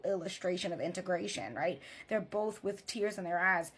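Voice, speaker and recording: A woman therapist speaks in a loose, conversational vlog style. She keeps checking in with her listener as she goes. Her voice sits a little low with a soft, husky edge. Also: moderate pace, few pauses. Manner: chatty, frequent "like" and "right?" check-ins. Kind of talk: casual storytelling vlog.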